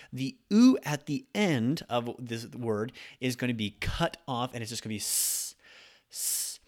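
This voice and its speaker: A man who speaks English as his first language, teaching a language lesson on a podcast in an easygoing way, with many fillers and slow repeated example words. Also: mid-range voice.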